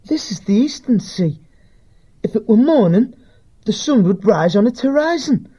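A man's voice: high voice, sing-song, normal speed, dark tone, slightly rough, pitched above the performer's own voice, heavily acted. Man doing an earnest young warrior mouse. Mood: reasoning. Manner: patient, reasoning explanation. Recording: dull lo-fi recording.

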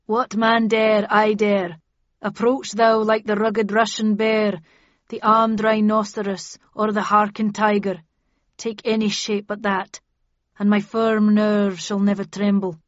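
A woman's voice: medium pitch, flat delivery, a little slow, no echo, muffled recording, close to an everyday voice. A woman voicing a furious male king who rants in Shakespearean verse. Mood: defiant. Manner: declamatory Shakespearean ranting. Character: furious haunted male king facing a ghost.

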